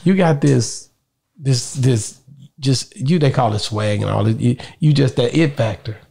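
Gravelly-voiced man hosting a casual interview. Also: medium pitch, unhurried, warm tone. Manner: stammering restarts, loose street slang. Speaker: interview host.

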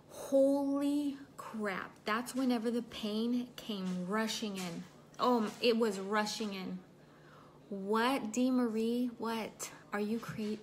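A young woman with a rather high voice chats casually while livestreaming from home, telling a personal story, reading viewer comments aloud, and pausing to greet and thank viewers. There's slight background noise.

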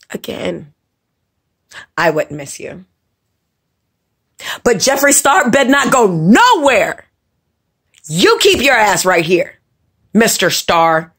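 Here a female vlogger and makeup instructor vents on camera in a medium-pitched voice that's a bit bright and slightly rough. Her casual tirade is profane and blunt, full of scolding and repeated words for emphasis.

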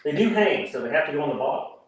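A man's voice: a little high, expressive, racing, slight background noise. A man co-hosting a livestream, reading viewer comments aloud and joking in casual chat. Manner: joking, laughs at himself. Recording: distant, very echoey room.

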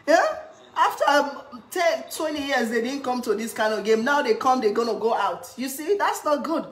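A woman from Sierra Leone chatting casually in a cooking vlog, excitable and often laughing and shouting. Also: high-pitched, moderate pace, slight background noise. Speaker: cooking vlogger.

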